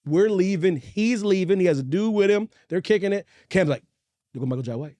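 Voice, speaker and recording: Animated man telling a story. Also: fairly quick. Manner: animated, acts out quotes with big pitch jumps. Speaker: podcast co-host. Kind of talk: casual storytelling chat. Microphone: studio mic.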